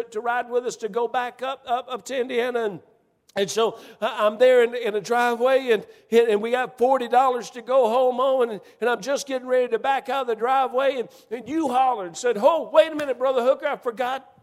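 A man preaching, telling a personal story in a folksy, emphatic way with many restarts, in a church. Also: very high-pitched. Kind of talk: storytelling sermon. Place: church sanctuary. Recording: church hall reverb.

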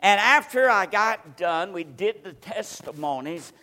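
A man preaching in a church with a high-pitched voice and an unhurried delivery. He tells stories and acts out what people said, dropping to a hush and then rising to loud declarations. His voice rings out with a long reverb through the sanctuary. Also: animated. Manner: storytelling with acted-out quotes, dynamic swings from loud to hushed. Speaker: pastor. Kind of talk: sermon.

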